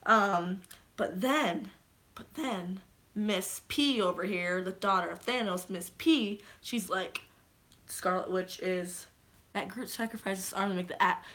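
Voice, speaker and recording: Bright, excitable young woman vlogger. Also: mid-range voice, measured pace. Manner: rambling, swears freely, bursts into shouts. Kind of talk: excited movie recap on a live stream.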